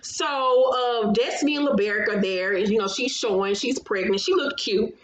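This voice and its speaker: A woman's voice: on the high side, normal speed. A woman hosting a casual reality show recap, talking in a blunt, profane, gossipy way. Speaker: host of a reality TV recap channel. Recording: roomy echo.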